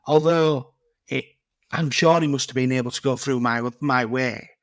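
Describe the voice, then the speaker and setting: A man's voice: mid-range voice, moderate pace. A middle-aged man from Leeds with a Yorkshire accent, a podcast guest telling rambling, blunt anecdotes full of swearing. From Leeds, England. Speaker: guest tiler. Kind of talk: casual podcast chat.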